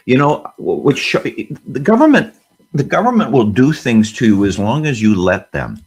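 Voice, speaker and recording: A man's voice: medium pitch, sing-song, moderate pace, husky. A man speaking as a guest on a panel discussion, fiery and emphatic, firing off rhetorical questions.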